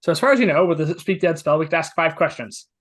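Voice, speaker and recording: A man's voice: a little high, animated, fast. Rambling male game master. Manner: rambling, with many restarts and hedging words. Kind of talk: narrating a tabletop game.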